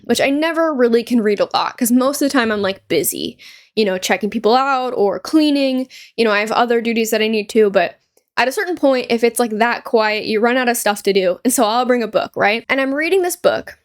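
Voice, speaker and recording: Chatty young woman, rambling and animated. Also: a little high, brisk. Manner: rambling, animated storytelling with frequent "like" and laughs. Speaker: gaming YouTuber; store cashier. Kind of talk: casual chatty commentary.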